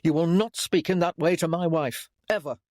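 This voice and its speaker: A man's voice: on the high side, normal speed, no room sound, studio quality, lightly acted. A man playing a firm young nobleman. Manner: firm, reasonable, steady. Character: young nobleman, protective husband and son. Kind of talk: audiobook character voice.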